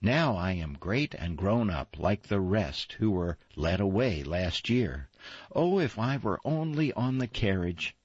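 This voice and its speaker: A man's voice: low-pitched, sing-song, a little slow, husky, no room sound, heavily acted. A man voicing a restless young fir tree that longs to be taken away, asking eager questions. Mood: longing. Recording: dull lo-fi, dry.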